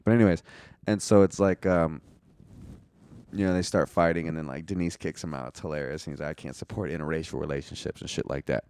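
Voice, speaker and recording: A young man with a deep, low voice rambles through a movie plot in a loose, profane way, leaning on "like" and chuckling at his own jokes. It sounds close and dry, with no room around him. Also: fairly even intonation, brisk, a little mellow, clean tone, no echo. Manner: loose and profane, heavy use of "like". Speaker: movie reviewer. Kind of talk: casual movie recap.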